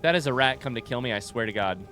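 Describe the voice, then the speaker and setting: A young male streamer talks through a horror game with a bright, lively voice that swings widely. He blurts out sudden sworn outbursts in jumpy panic. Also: medium pitch, fast, faint music behind. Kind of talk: live gameplay commentary.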